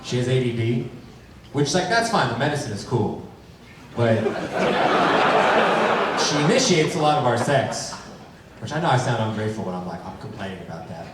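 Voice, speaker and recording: A man's voice: medium pitch, animated, normal speed, long pauses. A man performing a stand-up comedy set on a large theater stage, with a wry, playful delivery. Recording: very echoey hall from far off, loud crowd and noise. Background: crowd laughter.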